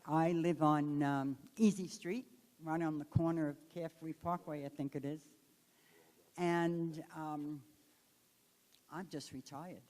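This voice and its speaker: A woman's voice: deep voice, fairly even intonation, takes it slowly, long pauses, mellow. A retired older woman briefly introducing herself at a community meeting, hesitant with small fillers. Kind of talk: self-introduction. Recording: echoey hall, distant mic.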